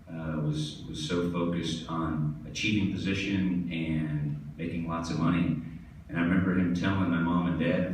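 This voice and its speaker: Telling amusing stories and laughing at his own jokes, a tennis pro delivers a hall of fame induction speech. His voice is low and a little mellow. The recording is distant and echoey, as in a hall, with slight background noise.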